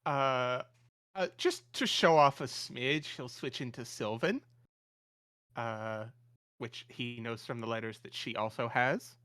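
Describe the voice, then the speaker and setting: A man describes his character's actions at a tabletop game, halting and filling gaps with "uh". His voice is smooth and clear. The sound is dry. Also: mid-range voice, a bit bright, dry recording. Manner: halting, heavy use of "uh". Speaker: player.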